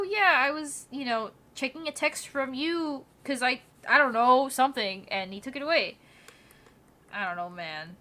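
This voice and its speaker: A young woman streaming, telling her chat a story in a casual, animated way. Her voice sits a little high and sounds very bright and crisp. She laughs through her words and swears freely.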